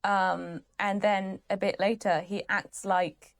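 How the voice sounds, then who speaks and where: Young woman, mid-pitched voice, sarcastic exasperated vlog rant, swears, rambles. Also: flat delivery, takes it slowly. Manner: rambling with restarts and asides. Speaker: channel host. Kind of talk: ranting commentary.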